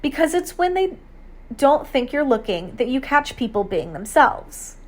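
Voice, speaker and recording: A woman's voice: high-pitched, big pitch swings, unhurried, pitched above the performer's own voice. A woman voicing a young male photographer in an audiobook, light and musing. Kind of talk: audiobook character reading.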